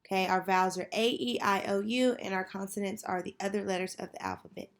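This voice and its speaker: A woman teacher leading a children's phonics lesson, patiently prompting and pausing for answers. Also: mid-range voice. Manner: slow, patient, call-and-response prompting.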